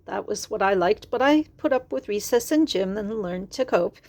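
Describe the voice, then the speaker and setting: A woman's voice: medium pitch, expressive, moderate pace, darkish tone. A middle-aged woman reading a picture book aloud to children, stopping for chatty asides to explain new words.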